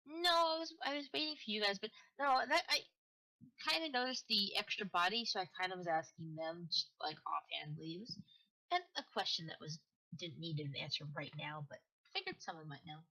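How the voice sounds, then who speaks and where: A woman's voice: on the low side, expressive, brisk, sharp tone, low-quality recording. A woman playing a tabletop role-playing game, talking bluntly and swearing freely. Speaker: player. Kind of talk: tabletop role-play chat.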